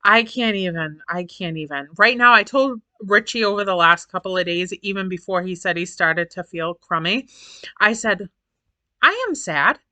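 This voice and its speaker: A woman's voice: on the low side, moderate pace, pushed and bright, no echo. A woman in her forties chatting casually to camera as a vlogger, repeating phrases for emphasis and laughing often. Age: 40s.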